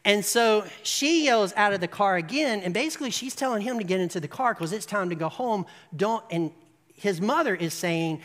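A preacher telling an animated anecdote in a sermon, often checking in with the audience with "right?". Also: medium pitch, moderate pace, in a large hall. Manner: animated storyteller, rising to emphatic peaks. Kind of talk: sermon storytelling.

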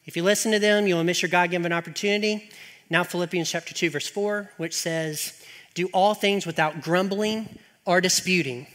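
A middle-aged man preaching in a church sanctuary, his high, bright voice ringing out with a long hall reverb. He swings into animated, exasperated rants full of rhetorical questions, then settles back into earnest teaching. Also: normal speed. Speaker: pastor. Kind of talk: sermon.

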